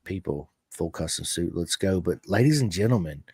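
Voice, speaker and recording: Excitable American podcast host, dry sound. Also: male voice, low-pitched, normal speed, husky, no echo. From United States. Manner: excitable, hyping, animated storyteller. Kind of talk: casual chat with ad read.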